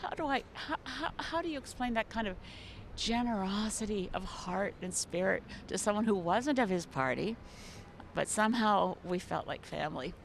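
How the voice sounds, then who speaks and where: Guest politician, woman, mid-pitched and gravelly, earnest and reflective. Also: expressive, normal speed, slight background noise. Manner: earnest, reflective, searching for words. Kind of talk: news interview tribute.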